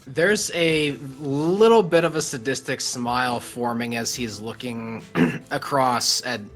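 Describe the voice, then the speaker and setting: A man playing a tabletop game, describing his character's actions in a halting way, pausing between phrases. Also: medium pitch, a bit bright, faint music behind. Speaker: player.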